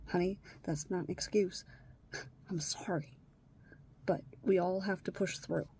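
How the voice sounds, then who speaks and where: A woman confides in her camera as a stepmother, her voice husky and mellow. She swings between hushed, breathy whispers and raised, strained outbursts, with the emotional pull of confessional vlog talk. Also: lowish voice, steady tone, a little slow.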